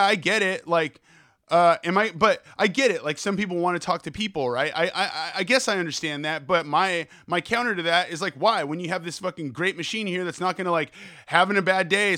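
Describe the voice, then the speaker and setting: A young man hosting a podcast, ranting fast and swearing a lot in a solo monologue. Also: high voice, dry recording, studio quality. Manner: profane, fast, animated rant. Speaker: podcast host.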